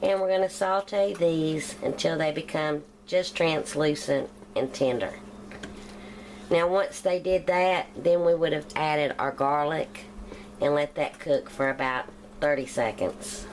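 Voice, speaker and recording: A woman's voice: deep voice, unhurried, a little mellow, a little hiss or hum, low-quality recording. Chatty country-accented woman cooking. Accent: Southern US country. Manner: chatty, step-by-step explaining while cooking. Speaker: cooking channel host. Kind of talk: casual cooking demonstration.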